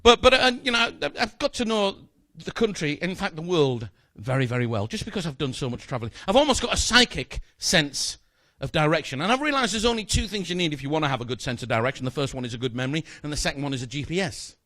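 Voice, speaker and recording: Fast-talking magician, dry sound. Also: male voice, fairly high pitch, expressive, sharp tone, dry recording. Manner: playful, joking, chatty with a volunteer. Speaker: stage magician. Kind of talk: live comedy magic patter.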